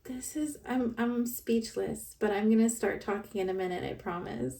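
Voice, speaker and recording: A woman unboxing plush toys in a casual vlog, gushing with excitement and often laughing. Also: mid-range voice, normal speed, creaky. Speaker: plush toy reviewer. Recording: voice a bit far from the mic.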